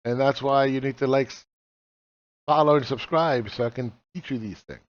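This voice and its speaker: A man's voice: mid-range voice, normal speed, dry recording. A man in his forties teaching chart reading in a casual walkthrough. He is blunt and profane and fires off rhetorical questions. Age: 40s. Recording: slightly dull lo-fi recording.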